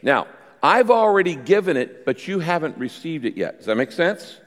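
A man preaching to a congregation, his voice sitting a little high and swinging widely in pitch as he works the room. He acts out the quotes and lets key phrases slow down for weight. His voice carries the long reverb of a large hall. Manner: animated preaching with quick pace changes and voiced quotes. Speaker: pastor. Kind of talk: sermon.

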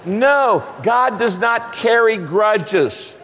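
A man preaching a sermon as pastor, emphatic and animated. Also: high voice, drawn-out words, long reverb tail.

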